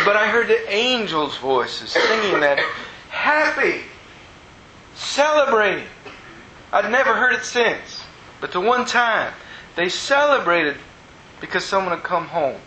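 A man preaching a sermon as a personal testimony, telling the story earnestly and moving between hushed and excited tones. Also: high-pitched, unhurried, a little hiss or hum. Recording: roomy echo.

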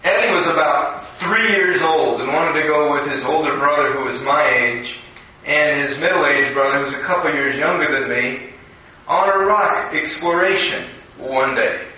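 High, bright-voiced man preaching in an echoey room. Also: normal speed, distant mic. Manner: storytelling, conversational, acts out quotes. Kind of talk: recorded devotional sermon.

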